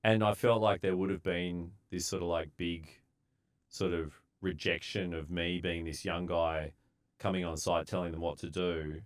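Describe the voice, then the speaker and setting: A man's voice: sits low, normal speed. A man, a civil engineer telling laid-back stories from his site days as a podcast guest, acting out what people said. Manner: laid-back, relaxed storyteller who acts out quotes. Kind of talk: casual storytelling.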